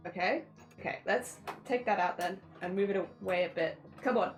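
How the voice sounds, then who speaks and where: A woman's voice: mid-range voice, moderate pace. A woman streamer chatting casually while she sews, talking to her sewing machine, with machine noise and music behind her.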